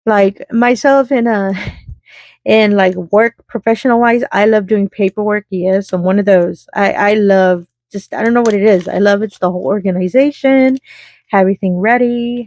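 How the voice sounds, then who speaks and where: Giggly woman chatting to her craft channel viewers, middle pitch, dry close sound. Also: a little mellow, no echo. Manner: chatty, giggly, talks to viewers while sorting beads. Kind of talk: casual crafting chat.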